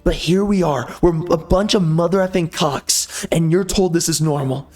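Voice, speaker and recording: Angry ranting man, fairly high voice. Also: normal speed, few pauses, darkish tone. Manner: angry, minced swearing, rhetorical questions. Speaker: gameplay video host. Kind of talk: ranting commentary over gameplay.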